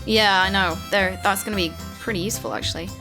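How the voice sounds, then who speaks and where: A woman's voice: medium pitch, fairly even intonation, fast. A British woman hosting a casual video game chat, playful and teasing. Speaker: video game channel host. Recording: music in the background.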